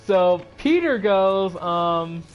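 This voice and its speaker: A man's voice: high voice, lively intonation, drawn-out words, lo-fi sound, faint music behind. A man casually recapping a film for his channel in a loose, rambling way, full of "like" and "uh" and restarted sentences.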